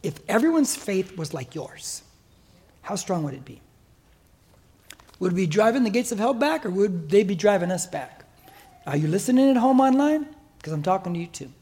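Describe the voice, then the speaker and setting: A man's voice: sits high, very animated, normal speed, long pauses, darkish tone, slightly rough. An older man with an American accent preaching a sermon as pastor in a church, emphatic and exhorting. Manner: emphatic, exhorting, mimics listeners' excuses.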